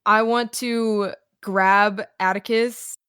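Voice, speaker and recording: A woman playing a tabletop game, talking in an animated, playful way. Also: medium pitch, takes it slowly, clear, resonant tone, no room sound, clean studio sound. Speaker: player.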